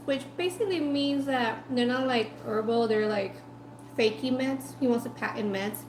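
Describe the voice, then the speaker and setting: A woman food vlogger telling a story in a chatty, animated way while eating, full of "like" and asides. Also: a little high, moderate pace, reverberant, a little hiss or hum, poor audio.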